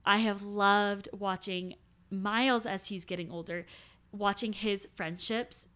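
A woman's voice: mid-range voice, fairly even intonation, measured pace, sharp tone. A woman in her thirties co-hosting a podcast. She talks in a reflective, affirming way in easygoing conversation. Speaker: podcast co-host. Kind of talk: casual chat.

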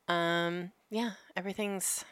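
A woman's voice: fairly low pitch, steady tone, takes it slowly, fairly bright tone, smooth, no echo. A woman co-hosting a casual podcast, who swears freely, laughs a lot and reads history notes aloud. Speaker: podcast co-host.

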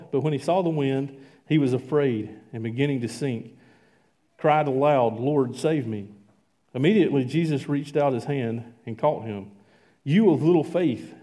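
A man giving an informal sermon and reading scripture aloud, conversational and halting, with frequent fillers and restarts. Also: mid-range voice, mellow. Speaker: lay preacher.

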